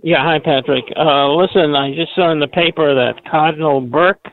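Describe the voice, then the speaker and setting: A man's voice: on the high side, fairly even intonation, moderate pace. A man calling in to a radio talk show, speaking in a hesitant, conversational way. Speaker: radio caller. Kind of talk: phone call to a radio show. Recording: tinny phone line.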